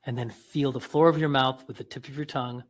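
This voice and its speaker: A man calmly guiding listeners through a breathing and mouth exercise, drawing out demonstration sounds as he coaches. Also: mid-range voice, fast. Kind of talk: guided exercise instruction.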